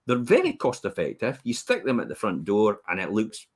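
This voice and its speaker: A Scottish man co-hosting a casual property advice chat, chatty and quick to laugh. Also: fairly low pitch, breathy edge. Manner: animated, chatty, laughs easily. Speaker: estate agent co-host.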